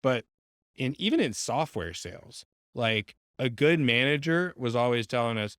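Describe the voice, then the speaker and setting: Guy hosting a podcast, smooth mid voice, relaxed, dry close mic. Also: medium pitch, moderate pace, no echo. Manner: relaxed, restarts sentences. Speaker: podcast host. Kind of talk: casual interview.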